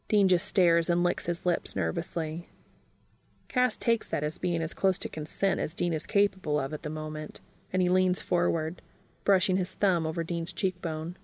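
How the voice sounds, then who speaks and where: A woman narrating a fan fiction story aloud in a steady reading voice. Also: fairly low pitch, moderate pace, creaky, dry recording.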